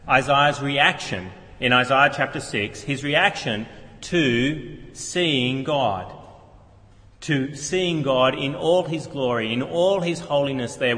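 A man's voice: medium pitch, sharp tone, long reverb tail. A man preaching a sermon as pastor, earnestly explaining a text with rhetorical questions, in a church.

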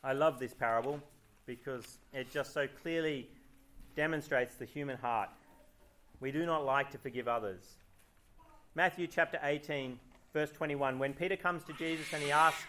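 A man's voice: a little high, moderate pace, a bit bright. A man preaching a sermon in church, reading scripture aloud and asking the congregation rhetorical questions. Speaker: pastor.

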